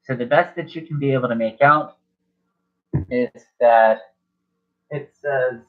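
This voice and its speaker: A man's voice: medium pitch, measured pace. A man running a horror tabletop game as game master, rambling, self-correcting, swearing casually. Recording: dull lo-fi recording.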